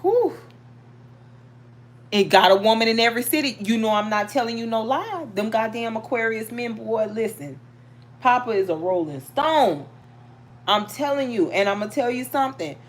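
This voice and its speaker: Animated woman chatting on a livestream. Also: on the high side, normal speed. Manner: animated, storytelling, talks to viewers. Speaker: livestream host reading tarot. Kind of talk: casual live chat.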